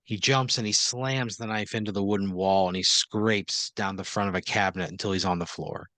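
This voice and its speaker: A man's voice: fairly low pitch, fairly even intonation, a little fast, sharp tone, dry recording. A man hosting an improvised comedy podcast, narrating a story casually with lots of fillers and laughter. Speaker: host and game master.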